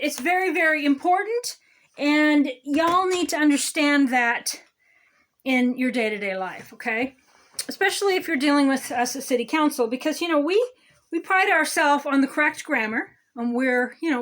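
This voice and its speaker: A woman's voice: sits high, a bit bright. A woman playing a smug, condescending male city councilman who lectures on grammar in a satirical comedy monologue. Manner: condescending, lecturing, repeats "okay?".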